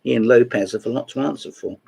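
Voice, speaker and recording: Guy showing old books, kind of gravelly, bit raspy, wanders off with dry little jokes. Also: medium pitch, fast talker, darkish tone, low-quality recording. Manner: rambling, wry asides. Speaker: host of a chess book video series. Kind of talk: casual show-and-tell talk.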